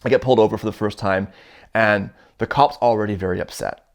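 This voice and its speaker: A man's voice: fairly low pitch, brisk, vocal fry. A man from Canada in his thirties, telling a casual first-person story and acting out the dialogue in it. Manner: animated, acts out quoted dialogue in his stories. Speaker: storyteller guest.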